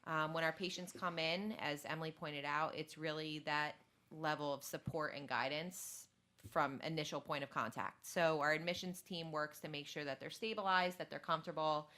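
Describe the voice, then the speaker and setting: A woman's voice: sits low, steady tone, normal speed, sharp tone. A woman speaking as a guest on a radio talk show, explaining plainly how a treatment program works. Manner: friendly, explains clinical steps plainly. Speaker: clinical guest. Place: radio studio.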